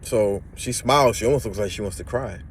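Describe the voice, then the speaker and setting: A young man casually tells a personal story, animatedly acting out the voices of the people in it. His voice is lowish and brisk, with a little hiss or hum in the background.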